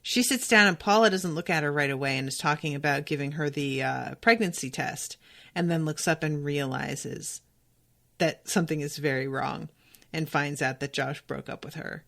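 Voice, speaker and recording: A woman hosts a casual podcast and recaps a TV episode with animated emphasis. Her voice sits a little low, and she swears freely and speaks straight to her listeners. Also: moderate pace, vocal fry. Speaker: podcast host.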